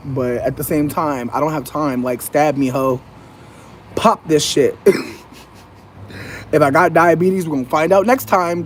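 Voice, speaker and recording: A man venting in a casual, profane monologue. He talks animatedly and mimics other people in a high voice. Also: a little hiss or hum. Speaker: vlogger.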